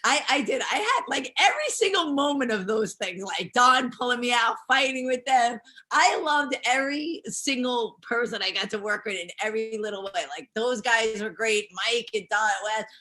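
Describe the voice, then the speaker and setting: Bubbly bright-voiced woman guest. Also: on the high side, normal speed. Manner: bubbly, rambling, laughs often. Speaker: interview guest, pro wrestler. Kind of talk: casual interview chat.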